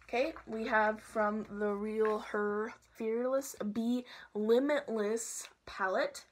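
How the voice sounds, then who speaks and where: A young woman chatting casually and playfully through a makeup tutorial at home, sometimes dropping to soft asides. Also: a little high, steady tone, takes it slowly, slight background noise. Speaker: makeup vlogger.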